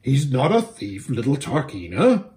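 A man's voice: medium pitch, wildly swooping pitch, measured pace, darkish tone. A man voicing a proud, bossy talking male warhorse who speaks in a pompous, lecturing way. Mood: lofty.

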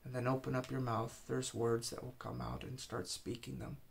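A man's voice: mid-range voice, flat delivery, normal speed, gravelly, a little hiss or hum. A man preaching an informal sermon, urging listeners with earnest, repeated exhortations.

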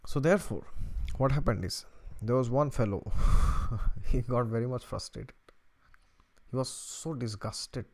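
A man's voice: mid-range voice, unhurried, darkish tone. Chuckling man hosting an astrology channel. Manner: chatty, often breaks into chuckles. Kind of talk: casual storytelling to camera.

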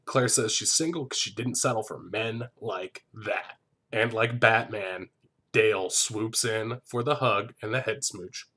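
A man's voice: on the low side, measured pace. Sarcastic man recapping a reality show. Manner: sarcastic, profane, deadpan asides. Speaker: comedian recap host. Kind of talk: comedic TV recap commentary.

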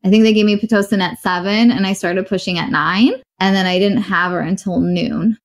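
A woman's voice: mid-range voice, fairly even intonation, a little fast. Candid woman telling her story bluntly. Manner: candid, blunt, acts out quoted voices. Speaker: interviewee. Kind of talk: personal storytelling.

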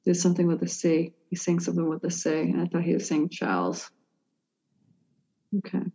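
A woman psychic medium giving a reading in a hesitant, halting way, full of "like" and restarts. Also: on the low side, very animated, dark tone. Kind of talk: conversational reading for a sitter. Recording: dull lo-fi sound.

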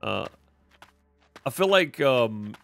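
A man's voice: medium pitch, sing-song, slow, vocal fry, a bit bright, faint music behind. A man with a Mississippi drawl giving loose live commentary over a game he's streaming. He rambles, answers his chat and leans on fillers as he goes. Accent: Mississippi Southern. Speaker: gaming streamer. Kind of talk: casual live gameplay commentary.

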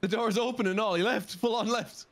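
A man's voice: sits high, a little fast. A man joking with friends during a game, laughing a lot. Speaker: gaming friend. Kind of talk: casual gaming chat.

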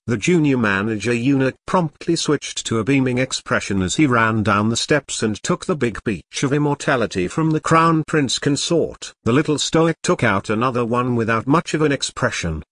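A man's voice: medium pitch, a bit bright, dry recording, studio quality. A man narrating a novel audiobook in a machine-like, scripted reading. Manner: machine-like reading, reads symbols aloud.

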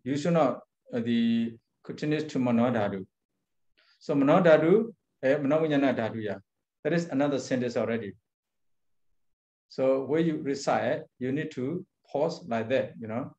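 A man who is a monk teacher, leading an Abhidhamma class in halting English, chanting Pali phrases with careful pauses. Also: mid-range voice, darkish tone, highs cut off.

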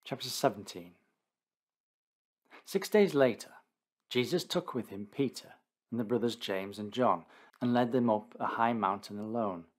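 Man narrating scripture steadily. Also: mid-range voice. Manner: steady, deliberate reading.

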